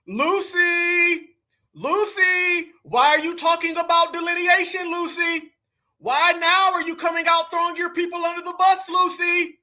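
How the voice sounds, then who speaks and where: A man hosting a live stream, reacting to clips in a loud, mocking way and often calling out to his audience. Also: very high-pitched, flat delivery, moderate pace. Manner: loud, mocking, keeps addressing "family".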